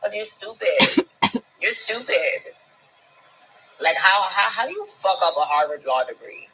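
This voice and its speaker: A woman's voice: medium pitch, very animated, a little slow, heavy background noise. A woman, ranting scornfully at someone, swearing constantly and stumbling over repeated words when she gets heated. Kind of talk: profane ranting monologue.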